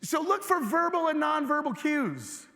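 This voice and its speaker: A high, lively male voice with a bright, forceful edge. He delivers a keynote to a live audience, firing questions at the crowd and pulling them in. The sound carries a long hall reverb. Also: moderate pace. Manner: energetic, engages audience with questions. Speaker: keynote speaker. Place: large hotel event hall.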